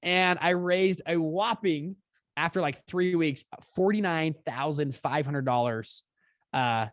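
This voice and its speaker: A young man in his twenties, a podcast guest telling a story in conversation, animated and quick, acting out quotes with big jumps in pitch. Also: no room sound, clean studio sound. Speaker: podcast guest, fund founder.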